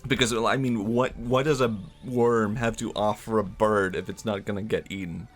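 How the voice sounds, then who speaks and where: A man streaming a game, riffing in an excitable, rambling way and laughing at his own ideas. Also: on the low side, moderate pace, faint music behind. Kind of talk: casual gameplay commentary.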